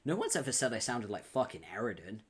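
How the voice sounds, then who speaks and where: A man's voice: mid-range voice, very animated, fast, slightly rough. A man reading a webcomic aloud on a live stream, chatting with viewers, laughing often and swearing casually.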